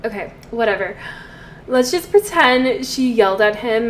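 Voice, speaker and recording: A woman casually talking through her game, inventing a story as she plays. Her voice sits fairly high, and she speaks at an unhurried, drawn-out pace. Fillers and pauses break up her chatty storytelling. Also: lively intonation, slight background noise. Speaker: let's play host.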